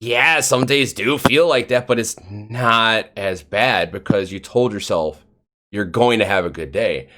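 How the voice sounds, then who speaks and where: A man hosting a live interview podcast, chatting casually and acting out stories with quoted voices. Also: measured pace. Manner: animated storytelling, acts out quotes in a higher voice. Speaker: podcast host.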